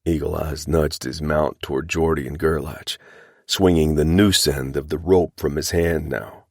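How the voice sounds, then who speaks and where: A man reading a western audiobook in a measured, even way. His voice is very deep and low, and the recording is dry and close with no room sound. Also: gravelly, no room sound. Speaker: audiobook narrator. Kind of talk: scripted audiobook narration.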